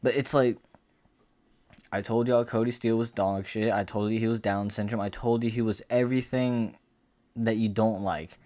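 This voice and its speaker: A man's voice: lowish voice, steady tone, normal speed, warm tone. A man giving a casual fight recap rant as an MMA commentator, profane, boastful and rambling.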